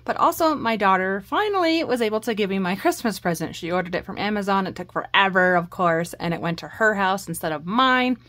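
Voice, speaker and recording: A middle-aged woman hosting a crafting channel, showing off her haul in a chatty, excitable way with frequent laughs. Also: medium pitch, brisk, hardly any pauses. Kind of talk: casual show-and-tell haul vlog.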